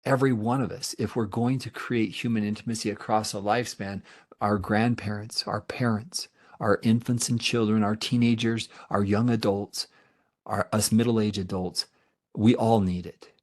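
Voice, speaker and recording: A middle-aged man leads a webinar as a therapist, and his voice sits a little low. He speaks earnestly and leans on repetition for emphasis. He also pauses to take questions from the audience. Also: fairly even intonation. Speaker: therapist giving a presentation. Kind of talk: webinar presentation.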